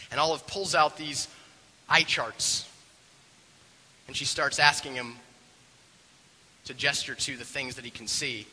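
A man's voice: on the high side, slightly rough. Man retelling a film scene in a reverberant hall. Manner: expressive, acts out the characters' voices. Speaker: storyteller.

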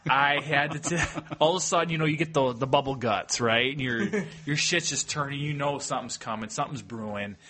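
A man telling a crude workplace story on a podcast, animated and laughing as he goes. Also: mid-range voice, fairly quick. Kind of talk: casual storytelling.

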